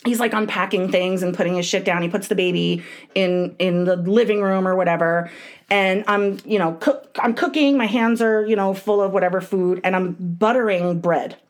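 A woman in her thirties co-hosting a podcast, telling a story in a profane, animated way with loud bursts. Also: mid-range voice, normal speed. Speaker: podcast co-host. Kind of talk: casual chat.

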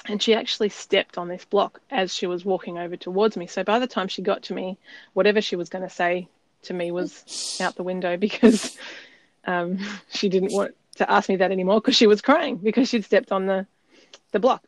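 On a podcast she co-hosts, a woman shares a personal story in an earnest, reflective way, dropping frequent ums into the casual chat. Her mid-range voice keeps a fairly even intonation and moves fairly quickly. The recording is dry and slightly dull, with no room sound.

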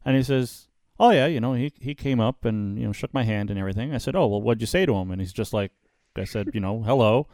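A man's voice: medium pitch, quick pace, darkish tone, no room sound, clean studio sound. A man hosting a podcast, telling stories in a rambling way with many restarts and fillers. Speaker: podcast host. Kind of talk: casual podcast chat.

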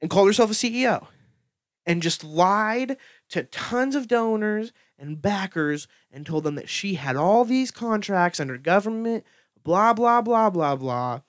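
Excitable young man ranting, dry sound. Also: sits high, normal speed, no room sound. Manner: profane, filler-heavy, excitable storytelling. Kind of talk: casual rant.

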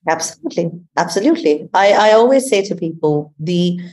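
A woman speaking as a guest transformation coach in a spiritual conversation, expressive and often laughing as she tells stories. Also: fairly low pitch, fairly quick, a little hiss or hum. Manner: expressive storyteller, laughs often and acts out quotes.

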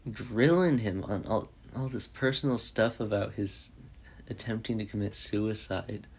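A man with a lowish voice recaps a film in a loose, rambling way. He speaks slowly and leans on "like" constantly, with frequent restarts. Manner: rambling, heavy use of "like". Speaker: movie reviewer. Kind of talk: casual rambling movie recap.

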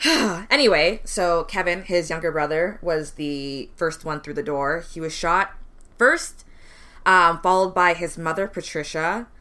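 A young woman on a chatty true crime podcast. Her voice sits low but rings bright, and she narrates in a loose, casual way. She fills her pauses with ums. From West Indian family, immigrant parents. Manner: relaxed storytelling with frequent ums, laughs between lines. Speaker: podcast co-host telling a true crime case.

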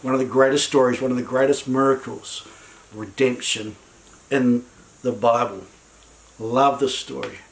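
A man's voice: medium pitch, steady tone, measured pace, creaky, pauses often, slight background noise, rough recording. A man preaching a sermon in a conversational way, often repeating words as he goes.

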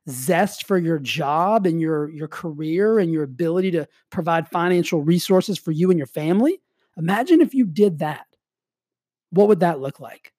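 An energetic man delivers a motivational talk in a casual, rambling way, with "like" dropped through his sentences. His voice is dark and mellow, recorded dry and close, with a slight cough in the background of his health. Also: high-pitched, no echo. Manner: energetic, casual, heavy use of "like". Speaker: motivational speaker. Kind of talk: motivational monologue.

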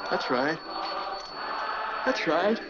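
A man's voice: on the high side, expressive, extremely slow. A fond father in an old film. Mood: tender. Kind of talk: 1940s film acting. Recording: lo-fi old film soundtrack with loud hiss.

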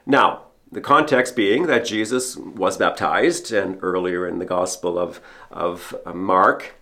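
A man preaching an earnest podcast homily, speaking like a priest and returning again and again to a steady refrain. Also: deep voice, takes it slowly. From Canada. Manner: earnest, repeats a refrain for emphasis. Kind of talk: sermon.

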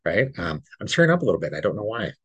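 A man's voice: deep voice, very animated, racing, a bit bright, husky, no room sound. A man co-hosting a podcast, earnestly telling a personal story in a rambling, casual way and often checking in with "right?". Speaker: podcast co-host.

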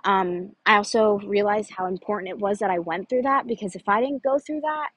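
Woman, husky breathy voice, earnest casual storytelling, dry close sound. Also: medium pitch, brisk, no room sound, poor audio. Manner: earnest, conversational, frequent "like" fillers. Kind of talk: personal storytelling.

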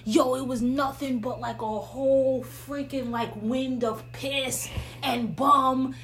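A woman's voice: high-pitched, fairly even intonation, slow pace, fairly bright tone, a little hiss or hum. A woman telling funny stories in casual, slangy chat, laughing often.

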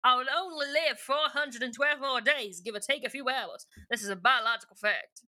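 A woman's voice: high-pitched, normal speed, pushed and bright. A woman voicing a folksy male alien scientist with a put-on Cajun drawl while reading aloud.

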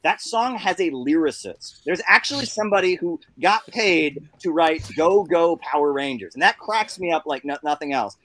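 A man's voice: on the high side, normal speed, hardly any pauses. A man telling jokes and stories in casual chat, doing little voices for the people in them. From New York. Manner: animated storyteller, doing voices for characters.

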